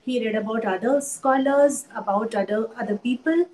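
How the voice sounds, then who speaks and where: Indian english woman, art teacher talking slow and thoughtful, bit high voice. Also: a little mellow, low-quality recording. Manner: thoughtful, measured, with many pauses and fillers. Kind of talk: interview conversation.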